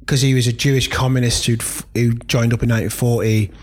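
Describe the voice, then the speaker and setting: A man's voice: medium pitch, level tone, quick pace. A man chatting casually, enthusiastic and rambling with many fillers. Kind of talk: casual chat.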